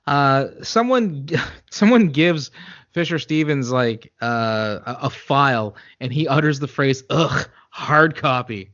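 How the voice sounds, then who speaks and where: A man co-hosting a casual film podcast, talking wryly with many pauses and fillers. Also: medium pitch, a bit bright. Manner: hesitant, many fillers, wry. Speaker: podcast co-host. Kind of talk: casual chat. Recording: dull lo-fi sound.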